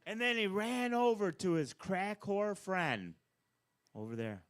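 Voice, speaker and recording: A man doing live stand-up at an open mic, bossing an audience volunteer around with playful, deadpan asides. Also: high voice, moderate pace, long pauses. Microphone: handheld stage mic.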